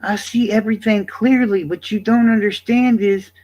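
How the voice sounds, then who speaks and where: A man livestreaming, talking to his chat in a casual, profane, defensive rant that swings between loud and quiet. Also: high-pitched, fairly even intonation, moderate pace.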